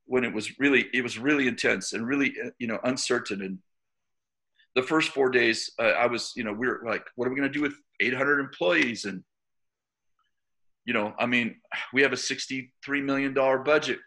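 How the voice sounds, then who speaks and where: A man's voice: medium pitch, moderate pace, sharp tone. A middle-aged man leading a church, preaching informally and telling a story conversationally, with many fillers and restarts. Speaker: church leader.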